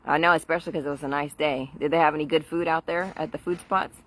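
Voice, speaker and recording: A woman's voice: sits low, steady tone, fast, a bit bright, slight background noise. A middle-aged woman chatting casually on a garden livestream, rambling and laughing often, recorded outdoors on a phone.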